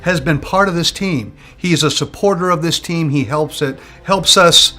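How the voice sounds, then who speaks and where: A man's voice: on the high side, moderate pace, sharp tone. A man speaking in an interview as a charity team organizer, eager and restarting his sentences.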